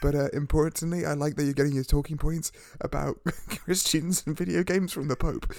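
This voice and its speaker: A man's voice: a little high, little pitch movement, fairly quick, creaky, darkish tone, slight background noise. A man co-hosting a podcast, teasing and sweary, rambling through casual banter. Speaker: podcast co-host.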